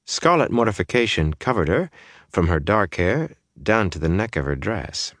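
A man reading a fantasy novel aloud as an audiobook narrator, in a measured, even way. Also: sits low, no echo, clean studio sound. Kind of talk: scripted narration.

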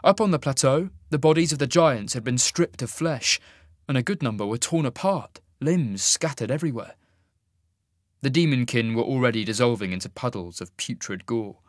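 A man narrating a fantasy audiobook with an expressive storytelling delivery. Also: mid-range voice, normal speed, dry recording, studio quality.

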